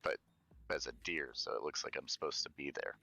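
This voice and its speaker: A man's voice: extremely low pitch, brisk, gravelly, pushed and bright, no echo. A man playing a tabletop game, laid-back and a bit crude, thinking aloud about his next move. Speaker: player. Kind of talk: casual tabletop game chat.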